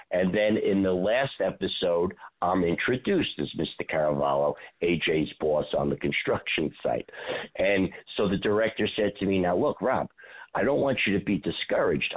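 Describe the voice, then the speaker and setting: Lively low-voiced man on a phone line. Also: breathy edge. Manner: animated storyteller, acts out quotes. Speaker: actor guest. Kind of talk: telling show-business stories.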